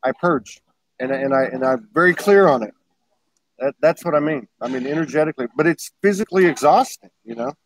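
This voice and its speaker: A man's voice: fairly high pitch, fairly quick, a little hiss or hum, low-quality recording. A man hosting a casual livestream chat over a video call, talking in a rambling way and laughing often. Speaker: host.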